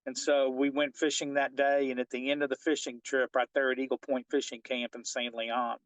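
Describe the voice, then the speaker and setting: A middle-aged fishing guide telling a personal story in an interview, animated and often checking in with "right?". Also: male voice, mid-range voice, a little fast, dry recording, poor audio. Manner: animated storyteller who keeps asking "right?".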